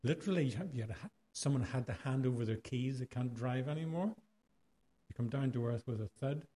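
Irish preacher with a mellow voice. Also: male voice, medium pitch, brisk. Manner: conversational, rhetorical questions, varied pace. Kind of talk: sermon.

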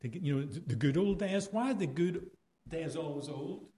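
Irish male preacher, slightly high, warm tone, chatty sermon delivery with rhetorical questions. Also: animated, moderate pace. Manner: conversational, rhetorical questions, varied pace.

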